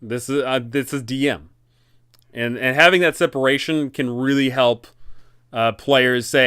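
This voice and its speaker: Animated man with a smooth clear voice. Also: medium pitch, measured pace, no room sound, clean studio sound. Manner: animated, rambling, frequent self-corrections. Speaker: dungeon master and channel host. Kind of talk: casual advice talk.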